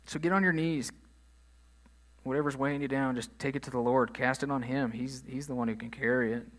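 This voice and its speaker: A man's voice: medium pitch, steady tone, a little fast. A man preaching a sermon in a conversational way, leaning hard on key phrases. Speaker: pastor.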